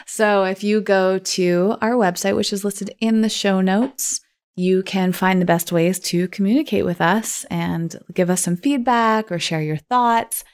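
A woman's voice: lowish voice, smooth. A woman co-hosting a podcast, talking in a thoughtful, rambling way with many fillers. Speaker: podcast co-host. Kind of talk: casual chat.

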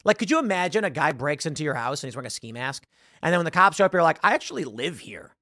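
A man's voice: fairly high pitch, very fast, dry recording, studio quality. A man hosting a podcast, giving an opinionated commentary monologue and acting out the people in his stories. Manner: animated storytelling, acts out quoted voices. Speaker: podcast host.

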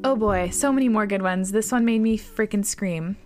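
A woman hosting a podcast, reading listener stories aloud in an expressive way, swearing and laughing often. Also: mid-range voice, normal speed, over loud music. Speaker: podcast host.

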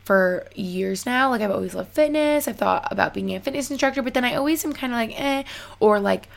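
A woman's voice: a little high, fairly quick, vocal fry. A young woman telling a story casually to her viewers, chatty and full of fillers. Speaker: vlogger.

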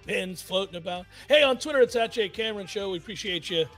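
A middle-aged man hosting a sports radio show, talking in a loud, brash, joking way. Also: high-pitched, expressive, quick pace, faint music behind. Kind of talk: casual sports talk.

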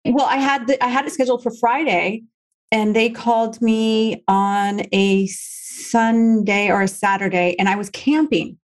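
A woman's voice: on the high side, unhurried. Candid woman recounting a hard story. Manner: candid, emotional, quotes others in lively voices. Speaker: reality TV personality guest.

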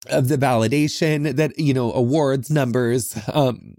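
A man's voice: mid-range voice, steady tone, takes it slowly, mellow, dry recording, studio quality. A man hosting a podcast, talking alone in an earnest, reflective way from inside a small closet, often saying "like". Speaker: podcast host. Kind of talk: heartfelt solo podcast talk.

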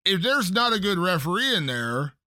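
A man's voice: high-pitched, very animated, normal speed, bright, forceful tone, dry recording, clean studio sound. A man hosting a casual podcast chat, making emphatic points and repeating them for stress.

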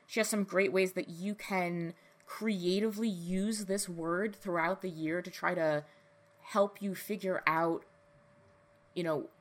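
A woman co-hosting a podcast in casual chat, gushing and excitable, often restarting her sentences. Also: lowish voice, unhurried. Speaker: podcast co-host.

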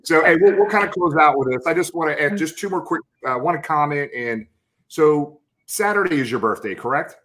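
A man hosting a casual football podcast, talking excitedly and calling his guest brother and man. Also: on the high side, fairly quick. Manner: excitable, enthusiastic, keeps saying brother and man. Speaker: podcast host. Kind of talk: casual chat.

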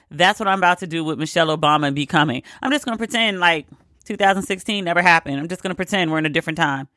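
A woman's voice: on the low side, sharp tone, dry recording, studio quality. A woman ranting in a casual, profane, exasperated way, hammering her points with emphatic repetition. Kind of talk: opinionated casual rant.

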